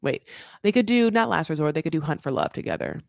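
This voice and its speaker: A woman hosting a casual show recap, talking in an animated, sarcastic, rambling way. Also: low voice, fast, gravelly, no echo, studio quality.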